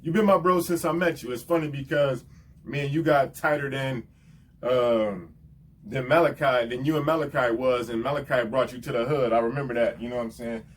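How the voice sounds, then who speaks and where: Male rapper host, mid-pitched and heartfelt, rambling casual shout-outs, mic a bit distant, faint hiss. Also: a little fast. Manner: rambling, emotional, repeats "you know what I'm saying". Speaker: rapper hosting his channel's show.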